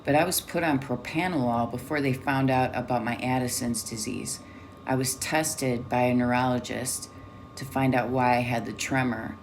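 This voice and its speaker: A woman with an unusually low, deep voice talks straight to camera, blunt and full of swearing. She tells her own story candidly, with a faint hiss of noise behind her. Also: fairly even intonation, moderate pace. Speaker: vlogger.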